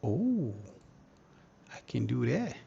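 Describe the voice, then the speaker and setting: A man's voice: mid-range voice, very animated, slow pace, gravelly, dark tone, muffled recording, a little hiss or hum. A man hosting a live market analysis lesson, talking casually in slang and thinking aloud as he goes. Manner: slangy, thinks aloud, hums and mutters to himself. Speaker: trading educator, livestream host.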